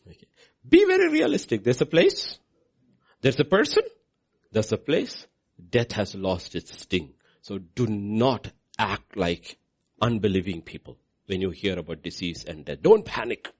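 A male pastor delivers a sermon in a husky voice. His pitch leaps wildly from low murmurs to high, ringing cries. He repeats lines for emphasis and drops some to a near whisper. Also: huge pitch swings, measured pace. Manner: preaching with big swings between soft and shouted lines.

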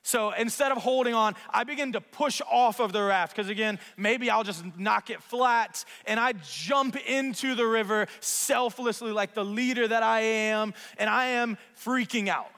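Man, pastor, storytelling sermon, self-mocking, bright forceful voice, church sanctuary. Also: high-pitched, normal speed, few pauses. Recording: long reverb of a large hall.

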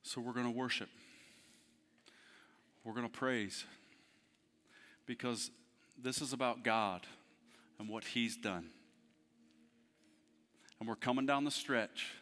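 A man in his thirties preaching a heartfelt sermon as pastor to his church, moving between hushed, tender passages and loud, fervent ones. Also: mid-range voice, slow, pauses often. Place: church service in a theater. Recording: long hall reverb.

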